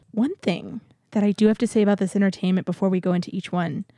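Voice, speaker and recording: A woman's voice: medium pitch, fairly even intonation, quick pace, dark tone, dry recording, clean studio sound. A young adult woman co-hosting a podcast in casual chat, rambling a little and laughing often. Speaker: podcast co-host.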